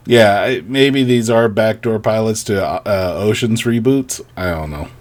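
A man co-hosting a podcast in casual chat, joking and wry, often trailing off into quick asides. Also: on the low side, darkish tone. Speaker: podcast co-host.

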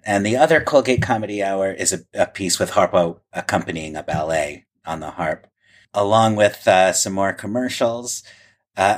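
A man co-hosting a podcast, thoughtfully describing old television clips in detail. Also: low voice. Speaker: podcast co-host. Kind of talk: conversational film discussion.

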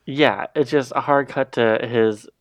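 A man's voice: mid-range voice, steady tone, measured pace, no echo. A man co-hosting a podcast, adding brief, dry, wry remarks in casual chat. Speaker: podcast co-host.

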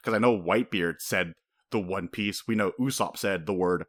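A man co-hosting a casual podcast, talking fast and animated, laughing often and breaking into high-pitched impressions. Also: dry recording. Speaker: podcast co-host. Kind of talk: casual chat.

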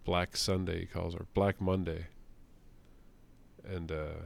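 Gravelly, low-voiced young man. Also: flat delivery, slow. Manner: profane, laughing, acts out quotes. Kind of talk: casual chat.

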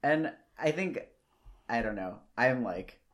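Slow, thoughtful podcaster in their thirties. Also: mid-range voice, lively intonation, highs cut off. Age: 30s. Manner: slow and thoughtful, stretches words while thinking, gets riled up. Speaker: podcast co-host. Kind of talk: casual chat. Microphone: own microphone on a video call.

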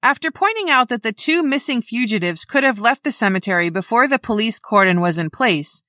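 A woman reads a scripted true-crime account with a bright, forceful tone and lively pitch. She is measured and exact as she lays out numbers and names. The sound is dry and close. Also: no room sound. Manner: measured, reads dates and figures precisely. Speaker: narrator.

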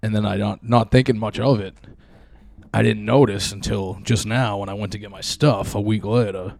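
A man's voice: fairly low pitch, fairly even intonation, moderate pace, gravelly, darkish tone. A young man co-hosting a podcast, telling a rambling, profane story in casual chat. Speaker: podcast co-host.

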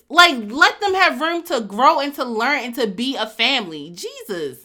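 A woman co-hosting a podcast in casual, animated chat, quick to argue and laugh. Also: high voice. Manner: animated, argumentative, laughs often. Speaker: podcast co-host.

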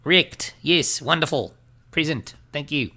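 A man's voice: measured pace, bright, forceful tone, full character voice. A man putting on a clumsy Australian accent to voice a shirtless, wrecked crypto trader who is pleased with himself. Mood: giddy, self-satisfied. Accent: put-on Australian. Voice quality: high, clumsy put-on voice.

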